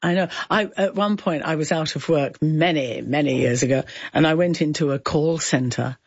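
An older woman, an actress chatting as a radio guest and telling stories in a theatrical, animated way. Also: low-pitched, normal speed, breathy edge, no room sound. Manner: theatrical, laughing, animated storyteller. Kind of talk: casual radio chat. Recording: dull lo-fi radio sound.

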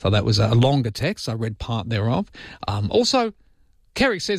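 A Welsh man hosts talkback radio, speaking with a slight lisp in a steady, middle-pitched voice. He chats through listener texts and gives his opinions without holding back. The studio sound is dry and close. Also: normal speed, creaky, dry recording. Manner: chatty, reading listener texts and giving firm opinions. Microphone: studio microphone.

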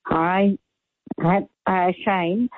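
A woman's voice: lowish voice, fairly even intonation, drawn-out words, no echo. Woman in her seventies on a phone line. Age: 70s. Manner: emphatic, laughing, stumbling over words. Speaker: radio caller. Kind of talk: casual call-in chat.

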